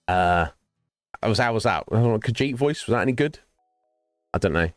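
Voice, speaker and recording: A man's voice: fairly low pitch, animated, normal speed, pauses often, no room sound, clean studio sound, soft background music. A man chatting casually with viewers during a game stream, rambling from topic to topic. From United Kingdom. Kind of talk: casual chat while gaming.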